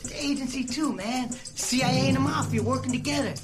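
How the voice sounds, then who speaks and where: A paranoid middle-aged conspirator rambles and curses in a high, strained voice. A film scene with a loud musical score running under the dialogue. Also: male voice, fairly quick, over loud music. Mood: cynical rambling. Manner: profane, cynical, rambling.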